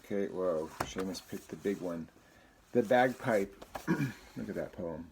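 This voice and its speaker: A man's voice: deep voice, unhurried, noisy background. A man teacher reading a poem and a chapter book aloud to a third-grade class, with friendly, chatty asides.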